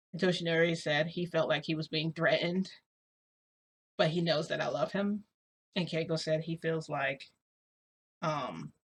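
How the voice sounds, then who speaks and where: A woman vlogger casually retelling a story in a rambling way, full of fillers. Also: low voice. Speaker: shifting vlogger.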